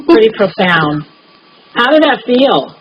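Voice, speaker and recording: A woman creativity coach guiding a client through a session, speaking slowly and encouragingly. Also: fairly high pitch, big pitch swings, husky. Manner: slow, encouraging, gently prompting. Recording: dull lo-fi recording.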